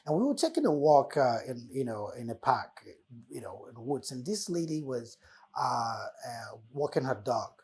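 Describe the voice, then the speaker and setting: A man delivers a motivational talk in a slightly husky voice. He speaks like a preacher, repeating key words and letting his voice swell on them. His pitch sits in an ordinary middle range. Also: sing-song, moderate pace, a little mellow. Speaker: host.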